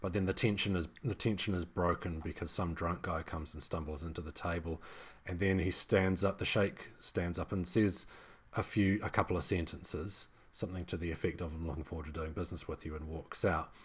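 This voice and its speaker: A man with a very low, deep voice co-hosts a film podcast. He speaks casually and rambles, restarting phrases and leaning on fillers as he works through his point. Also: steady tone, normal speed, fairly bright tone, slightly rough. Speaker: podcast co-host. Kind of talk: casual film review chat.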